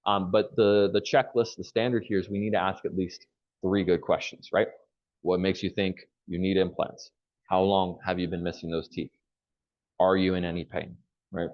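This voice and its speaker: Male trainer, low voice, dull call audio, lively coaching with acted-out lines. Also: moderate pace. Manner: energetic coaching, acts out quoted phone lines. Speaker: phone skills trainer. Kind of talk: live online training session.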